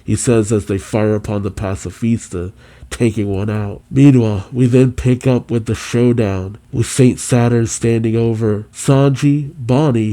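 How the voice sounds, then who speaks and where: Dude reading manga and reacting, mellow dark voice, casual and sweary. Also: male voice, medium pitch. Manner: casual, swears freely, laughs along. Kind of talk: reading a manga chapter aloud with commentary.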